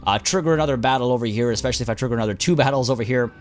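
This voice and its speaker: A man's voice: mid-range voice, very fast, faint music behind. A man hosting a game let's play, losing his voice as he thinks aloud with plenty of uhs and ums. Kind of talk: gameplay commentary.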